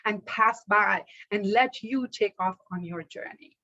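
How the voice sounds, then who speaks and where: A woman's voice: medium pitch, unhurried, bright, forceful tone, lo-fi sound, pitched below the performer's own voice. A woman voicing a kind, compassionate young man who speaks earnestly and apologetically.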